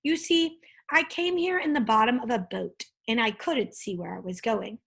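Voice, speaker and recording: A woman doing a cheerful young storybook boy who sounds eager and friendly. The voice sits high and a touch breathy, reading as a bright little hero on an adventure. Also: normal speed, exaggerated voice.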